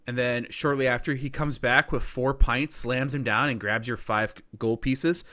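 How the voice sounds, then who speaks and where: A man's voice: medium pitch, fairly even intonation, normal speed, hardly any pauses, pushed and bright. A man narrating a tabletop game as game master, in a loose, casual way.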